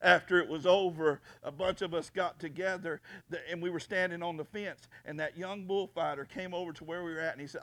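A man's voice: fairly high pitch, fairly even intonation, brisk, few pauses, a bit bright. A male pastor preaching a fiery sermon, repeating himself and stumbling over restarts.

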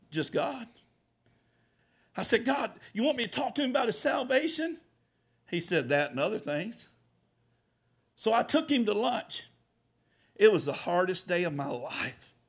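A male pastor preaching a sermon, telling a story and acting out the dialogue, swinging from hushed lines to loud ones. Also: sits high, gravelly, husky.

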